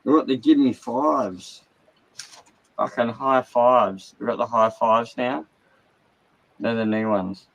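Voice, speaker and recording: A man's voice: mid-range voice, steady tone, slow, pauses often, rough recording. Agitated swearing Australian man. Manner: agitated, heavy swearing, rambling. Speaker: livestream host. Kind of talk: casual livestream rant. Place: caravan.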